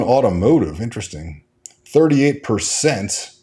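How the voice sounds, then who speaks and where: A man hosts a casual stock market livestream and talks off the cuff. His sentences stall and restart, thick with fillers, as he reads viewer comments aloud and answers them. His voice sits at an ordinary middle pitch. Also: moderate pace, a little mellow. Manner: rambling, with frequent restarts and fillers. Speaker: stock market show host.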